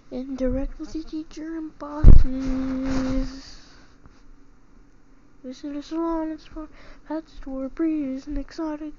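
A woman's voice: high-pitched, darkish tone. A young woman casually commenting while she plays a life simulator game, reacting aloud and reading out menu options. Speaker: gamer playing a life simulator. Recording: dull lo-fi sound with clear background noise.

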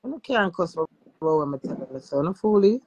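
A woman's voice: fairly low pitch, animated, brisk, mellow, breathy edge, lo-fi sound. A Jamaican woman who is a social media influencer, chatting brashly and profanely in patois with her live-stream viewers. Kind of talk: casual live-stream chat.

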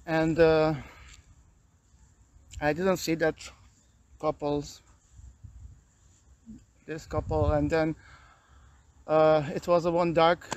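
Weary, agitated man with a high voice. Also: little pitch movement, darkish tone. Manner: agitated, weary, halting non-native English. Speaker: vlogger. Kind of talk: personal video complaint. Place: outdoors in a park.

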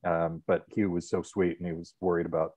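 Man, middle-aged, interview guest, deep voice, relaxed rambling storyteller, dry sound. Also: brisk, no echo. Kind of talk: casual interview chat.

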